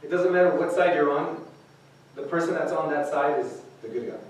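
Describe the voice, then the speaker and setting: A man's voice: a little high, fairly quick. Man preaching informally in an echoey hall. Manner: conversational, many fillers and restarts. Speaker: youth speaker. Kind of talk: informal sermon to a group. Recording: echoey room recorded from a distance.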